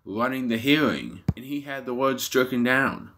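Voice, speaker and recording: A man giving a casual, sardonic recap as a commentator, reading quotes aloud in a flat deadpan. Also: medium pitch, normal speed, heavy background noise. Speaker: political commentator.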